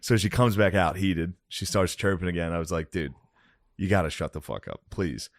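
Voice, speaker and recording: Low-voiced man telling a story. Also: moderate pace, no echo. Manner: laid-back, acts out quoted lines. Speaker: podcast co-host and comedian. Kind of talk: casual storytelling.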